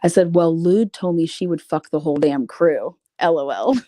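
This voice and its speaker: Woman w a low dark gravelly voice, cussing and sarcastic, going thru screenshots, dry close sound. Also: moderate pace, no room sound. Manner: profane, blunt, sarcastic. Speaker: YouTuber reading out messages. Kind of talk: casual commentary reading screenshots.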